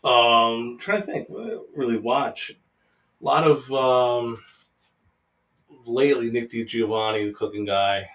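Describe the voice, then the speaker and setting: A man's voice: medium pitch, unhurried, fairly bright tone, far from the mic. A man co-hosting a casual podcast chat, laid-back and mostly chiming in with short agreeing replies. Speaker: podcast co-host.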